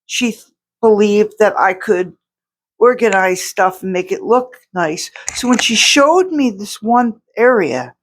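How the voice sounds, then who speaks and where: This woman's medium-pitched voice is expressive and measured. She's an outsider artist chatting casually to camera at home, wandering from point to point with many restarts and fillers.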